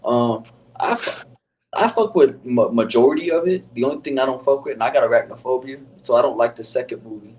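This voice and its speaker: A man's voice: medium pitch, brisk, a little mellow, far from the mic, a little hiss or hum, low-quality recording. A man hosting a casual chat, laid-back and slangy, swearing freely. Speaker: podcast host.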